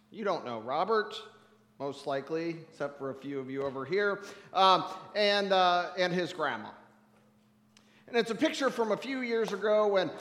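Preacher, male, high voice, emotive storytelling, reverberant hall. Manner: emotive, swings from hushed to loud. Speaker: pastor. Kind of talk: storytelling sermon. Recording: echoey hall, mic at a distance.

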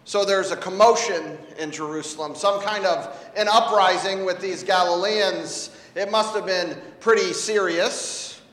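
A man's voice: high voice, fairly even intonation, measured pace, hardly any pauses, fairly bright tone. A man preaching a sermon in a conversational way, asking rhetorical questions and shifting his emphasis, in a church sanctuary. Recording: echoey hall with long reverb.

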